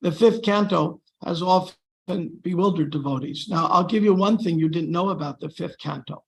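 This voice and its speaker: A man leading a scripture class in a relaxed, chatty way, with dry sarcastic humor. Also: high voice, creaky, rough recording. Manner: joking, dryly sarcastic; relaxed, chatty with pauses and fillers. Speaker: class speaker.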